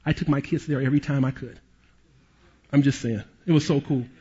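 A man preaching a sermon as a pastor and police chaplain, an animated storyteller who drops to hushed tones at emotional moments. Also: mid-range voice, a little fast, breathy edge, muffled recording.

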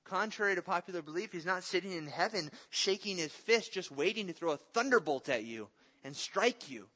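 A man's voice: high-pitched, expressive, fairly quick, pushed and bright. A man in his thirties preaching a sermon in an earnest, conversational way, mixing in stories about his family. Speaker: pastor.

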